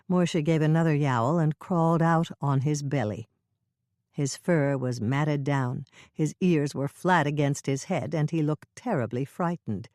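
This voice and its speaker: A woman narrating a mystery audiobook with expressive storytelling. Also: sits low, a little slow, no room sound, studio quality. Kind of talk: scripted narration.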